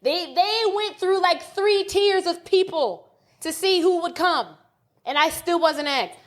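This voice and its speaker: A woman, telling a story on a podcast in a casual, animated, profane rant. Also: extremely high pitch, measured pace. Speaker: podcast co-host.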